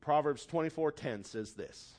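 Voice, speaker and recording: A man preaching a sermon, telling a story dramatically and building from quiet, hushed lines to loud, forceful appeals. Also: on the high side, lively intonation, normal speed.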